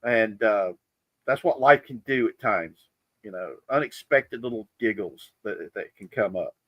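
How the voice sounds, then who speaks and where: A man's voice: lowish voice, expressive, measured pace, no room sound, lo-fi sound. A man hosting a casual livestream chat, rambling with many fillers and chuckles. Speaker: livestream host.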